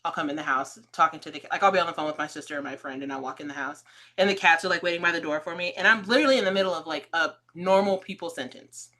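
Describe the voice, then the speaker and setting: A woman's voice: low voice, racing. A woman hosting a podcast interview, chatting casually and acting out quoted voices as she tells stories. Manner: animated storyteller, acts out quoted voices, laughs often. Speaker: podcast host.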